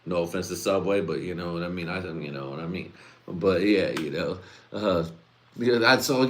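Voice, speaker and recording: A man with a deep voice hosts his own podcast, riffing solo through comedic ideas at a moderate pace. His rambling is full of fillers, laughter and swearing.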